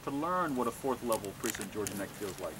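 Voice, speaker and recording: A man's voice: fairly low pitch, lively intonation, a little fast, noisy background. A man coaching a dressage lesson, giving short commands and encouraging praise. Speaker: riding instructor.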